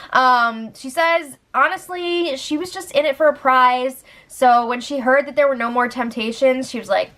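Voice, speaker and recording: A young woman talks through a casual recap in a slightly high voice. She is chatty and giggly, and she fills her talk with little verbal fillers. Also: moderate pace, fairly bright tone. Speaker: host recapping a reality show.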